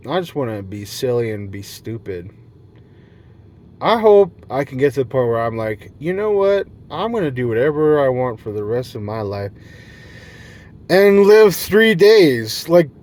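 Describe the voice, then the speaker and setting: A man's voice: mid-range voice, a little mellow. A man rambling in a silly, free-flowing monologue, jumping between topics and laughing often, recorded outdoors in nature at night. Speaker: vlogger.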